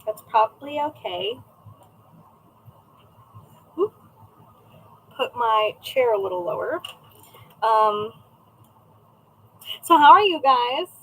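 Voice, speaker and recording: A woman's voice: on the high side, animated, slow pace, pauses often, a bit bright, slight background noise, low-quality recording. Chatty woman rambling on a home livestream. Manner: chatty and rambling, greets chat viewers by name. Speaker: craft shop owner streaming live. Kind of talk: casual livestream chat. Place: at home, indoors. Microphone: camera set up at a desk.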